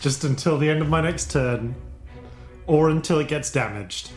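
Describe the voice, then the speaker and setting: A man's voice: on the high side, moderate pace, roomy sound, soft background music. A man as a player in a tabletop game, stumbling as he talks. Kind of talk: casual tabletop play.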